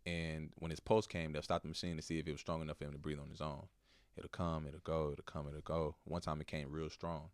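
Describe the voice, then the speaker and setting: A young man from Texas with a Texan accent and a strikingly deep, low voice. He tells a painful personal story softly and haltingly, with lots of "bro" and "like". The sound is dry and close. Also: level tone, no room sound. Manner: soft-spoken, halting, slangy with "bro" and "like". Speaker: podcast guest, basketball player.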